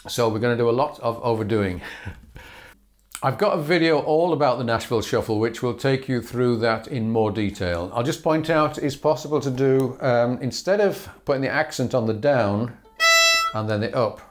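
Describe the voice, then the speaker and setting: A man in the middle of his pitch range gives a relaxed fiddle lesson, talking through bowing patterns in a loose, unscripted way with fillers and small chuckles. A fiddle plays faintly in the recording. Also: normal speed, faint music behind. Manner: relaxed, explanatory, chuckles and fillers, counts bows aloud. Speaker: fiddle teacher. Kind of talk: instructional lesson.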